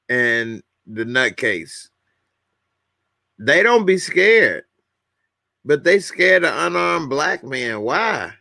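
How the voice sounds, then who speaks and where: A man's voice: mid-range voice, creaky, pushed and bright, no room sound, studio quality. A man hosting a casual livestream, bluntly commenting and reading viewers' comments aloud. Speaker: livestream host.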